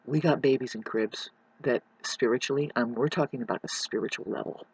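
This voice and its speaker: Husky-voiced vlogger, mid-pitched, intense and preachy in a dry close recording. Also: a little fast, no echo, rough recording. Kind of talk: rambling rant to camera. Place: rural mountain home.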